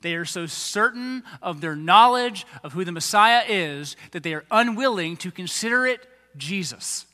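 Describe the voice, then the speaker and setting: A man's voice: high-pitched, normal speed, hardly any pauses. Man preaching in a reverberant hall. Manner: animated, acts out quoted voices of the crowds and leaders. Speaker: pastor. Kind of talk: sermon.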